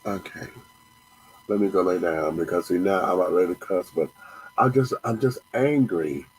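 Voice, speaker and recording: A low-pitched man with a breathy edge hosts a show at normal speed, ranting furiously with profanity and repeating himself. The audio quality is poor.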